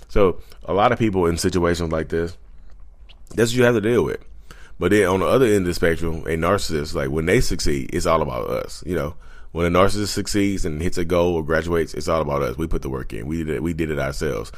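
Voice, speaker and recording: A man's voice: deep voice, fast talker. A man rambling casually into a handheld microphone in a vlog, blunt, profane and repeating himself, calling his viewers y'all. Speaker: YouTuber talking about narcissism. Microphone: handheld USB microphone.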